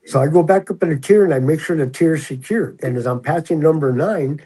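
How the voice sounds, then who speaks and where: A man in his sixties, a retired prison officer, telling stories in a relaxed, chatty way and acting out the voices of others. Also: on the high side, a little fast, slight background noise, poor audio. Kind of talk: casual storytelling.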